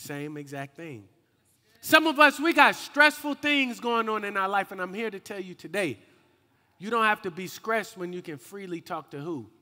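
Lively young man preaching in a hall. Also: high voice, normal speed. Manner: lively and slangy, calls out to the crowd and rises to shouts. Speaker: youth minister. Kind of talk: youth sermon. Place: hall with a youth group. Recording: echoey hall with long reverb.

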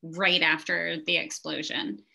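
Bright-voiced woman host. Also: sits low, steady tone, measured pace, vocal fry. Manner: reads a listener's question aloud, tentative phrasing. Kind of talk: conversational interview.

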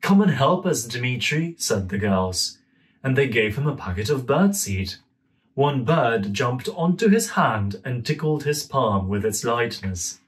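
A young man in a gentle, friendly manner, reading a children's story aloud at home. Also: medium pitch, lively intonation, measured pace. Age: young adult. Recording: voice a bit far from mic.

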